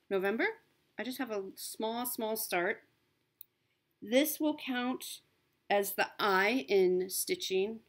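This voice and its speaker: A woman chatting casually as a cross stitch vlogger, upbeat and talkative, with frequent ums and self-corrections. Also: mid-range voice. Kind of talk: casual show-and-tell chat.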